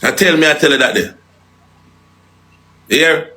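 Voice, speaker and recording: A man's voice: fairly high pitch, measured pace, sharp tone. A man with a Jamaican accent in a heated, profane, taunting live-stream rant that repeats its jabs.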